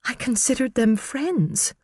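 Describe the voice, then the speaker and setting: A man voicing a frightened, tearful woman witness who speaks in a trembling, hushed voice. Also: very high-pitched, unhurried, no room sound, clean studio sound, pitched above the performer's own voice.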